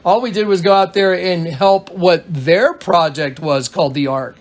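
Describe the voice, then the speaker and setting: A man's voice: sits high, steady tone, normal speed. A man on a phone call, telling a long story in a casual, rambling way, with many restarts and retold quotes. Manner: retells dialogue in quoted voices. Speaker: caller recounting events.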